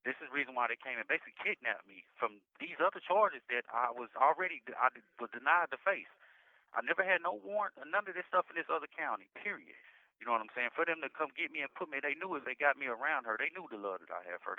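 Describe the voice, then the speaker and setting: A man on a tinny, phone-like line with a dry, close sound tells his story in halting bursts. He speaks in dialect, repeats words and restarts sentences often. His pitch sits at a medium level for a man. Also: dry recording. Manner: halting, repetitive, frequent restarts and "you know what I'm saying". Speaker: incarcerated interviewee. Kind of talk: recounting past events in conversation. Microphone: jail phone call.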